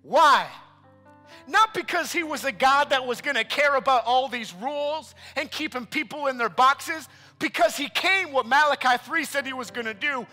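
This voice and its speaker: A man preaching a sermon with passion, dropping to a hush and then rising loud again. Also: extremely high pitch, moderate pace. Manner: impassioned, swings between hushed and loud. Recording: long hall reverb with music behind.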